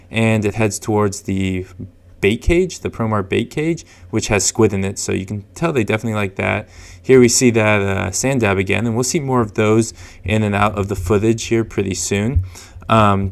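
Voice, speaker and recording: A man's voice: lowish voice, vocal fry. A man hosting a fishing channel, giving a casual, chatty voice-over with chuckles and many fillers.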